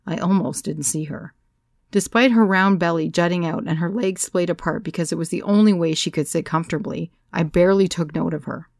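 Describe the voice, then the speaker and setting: A woman reads a first-person story aloud with measured, wry pacing. Her voice sits low and gravelly, and the sound is dry and close. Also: a little mellow, no room sound. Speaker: audiobook narrator. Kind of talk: first-person scripted narration.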